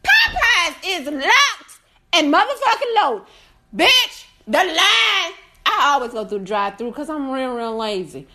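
High, lively, loud-mouthed woman ranting. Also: a little slow, slight background noise. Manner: loud, profane, animated, often shouting; laughs through her complaints. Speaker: food reviewer on a live video. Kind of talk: casual ranting review.

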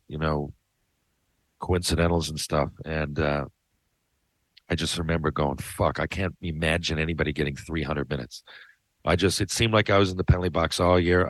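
A low-voiced middle-aged man rambling through a story on his podcast, swearing freely and cutting himself off to circle back. The sound is close and dry, with no room around it. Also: no room sound. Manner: rambling, profane, self-interrupting. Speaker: podcast host. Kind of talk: casual storytelling.

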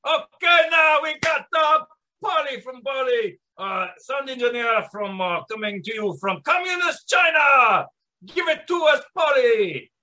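A man putting on a shouting mock-Russian podcast host. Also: a little high, big pitch swings, measured pace, a little hiss or hum, exaggerated voice. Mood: bombastic. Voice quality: broken English, mock Russian accent drifting French. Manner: shouty, bombastic announcing. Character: boastful male Russian host, thick mock accent.

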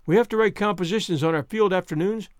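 A man voicing a chatty, dreamy, excitable orphan girl in a storybook reading, speaking in a gushing, romantic way. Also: high voice, fast, dry recording, clean studio sound, lightly acted. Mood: eager.

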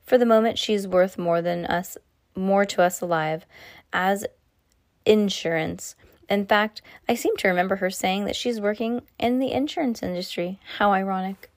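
A woman reading a storybook aloud, giving the lines of a smug, sarcastic male villain who makes calm threats. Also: medium pitch, normal speed, no echo, studio quality, natural voice. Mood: menacing. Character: sly menacing male villain chef. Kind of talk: read-aloud storybook dialogue.

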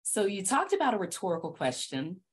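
A woman's voice: medium pitch, huge pitch swings, fairly quick, breathy edge. Upbeat woman podcast host, laughing often. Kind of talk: conversational interview.

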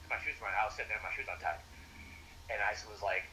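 A man's voice: fairly low pitch, animated, fast, bright, forceful tone, a little hiss or hum, poor audio. A young man, a former college football coach, telling stories in a casual interview with lots of fillers and restarts. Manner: rambling, many restarts and fillers.

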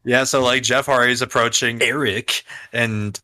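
Bright-voiced man telling a story. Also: mid-range voice, steady tone, a little slow. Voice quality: storytelling, swears often, casual slang. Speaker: podcast co-host. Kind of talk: casual chat, recapping wrestling.

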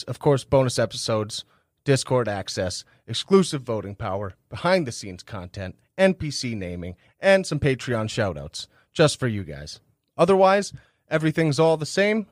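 A man's voice: mid-range voice, no echo, clean studio sound. A man hosting a tabletop game podcast, reading an outro and joking with friends. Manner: quick, laughing banter. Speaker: podcast host. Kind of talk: casual chat.

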